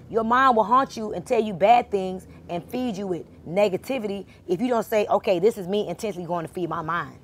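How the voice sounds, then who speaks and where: A woman's voice: medium pitch, fairly bright tone. Emphatic woman giving a spiritual talk. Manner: emphatic and repetitive, speaking straight to listeners; informal and conversational. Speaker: spiritual speaker.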